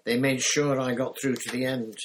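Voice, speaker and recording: A man's voice: medium pitch, flat delivery, moderate pace, a little hiss or hum, pitched above the performer's own voice, natural voice. A man reading an audiobook, voicing a shaken teenage boy wizard in an urgent, breathless, pleading way. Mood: frantic. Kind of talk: audiobook character voice.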